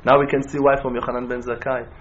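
A man giving a sermon in full of terms, telling stories in a low voice and then rising into loud, passionate exhortation. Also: little pitch movement, fast talker. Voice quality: non-native English with Hebrew terms. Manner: impassioned, swings from hushed storytelling to loud rising exhortation. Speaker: rabbi. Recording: dull lo-fi recording with faint noise.

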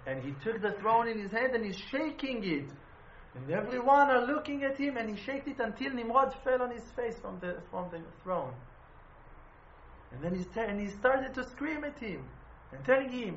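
Impassioned high-voiced man preaching in a roomy hall. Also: normal speed, creaky, a little hiss or hum. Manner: impassioned storytelling, swinging between hushed and loud; non-native phrasing, rhetorical questions. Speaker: rabbi teaching a Torah class. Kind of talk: sermon. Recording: roomy, dull-sounding room recording.

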